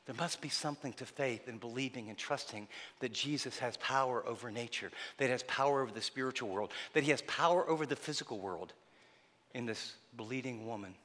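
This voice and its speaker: A man preaching a sermon, telling the story dramatically and swinging between loud passages and hushed ones. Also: mid-range voice, fairly quick, in a large hall. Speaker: pastor.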